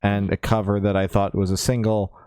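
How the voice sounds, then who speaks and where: A man's voice: fairly low pitch, level tone, a little fast, a little mellow, smooth, no echo. A man hosting a music podcast in casual chat, hesitant with many fillers and a dry sarcastic streak. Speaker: podcast host.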